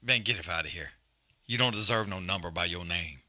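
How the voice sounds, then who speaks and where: A man's voice: low voice, a little fast, bright, forceful tone. A man hosting a live fight watch-along, trash-talking fighters in blunt, profane casual chat. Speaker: live stream host.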